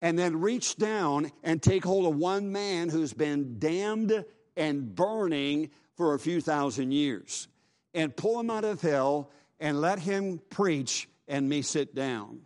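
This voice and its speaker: A man's voice: fairly high pitch, animated, takes it slowly, darkish tone. A middle-aged man preaching a revival sermon with fervent urgency, repeating his phrases for weight.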